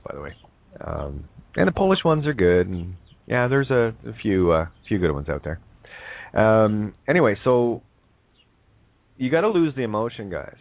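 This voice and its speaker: This man's voice is on the low side as he wanders through a casual spiritual talk for a call-in show, heavy on fillers and "right?" check-ins. The phone line is tinny and dry, with no echo.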